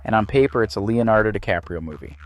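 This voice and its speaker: A man narrating a scripted video essay about film, measured and analytical. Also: on the low side, expressive.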